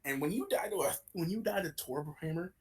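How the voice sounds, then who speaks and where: A man's voice: on the high side, animated, brisk, darkish tone, low-quality recording. A young man co-hosting a casual gaming podcast, rambling and swearing as he ranks characters. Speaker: podcast co-host.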